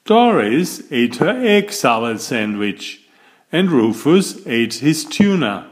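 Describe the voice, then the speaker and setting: Slow, expressive man reading a story. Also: medium pitch. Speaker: storybook reader. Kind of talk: bedtime story read-aloud.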